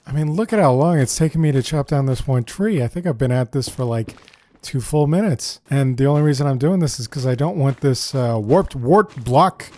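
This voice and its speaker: A man giving casual let's-play commentary as he plays, chatty and thinking out loud. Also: medium pitch. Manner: chatty, thinks aloud, often says "dude". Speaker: gameplay commentator.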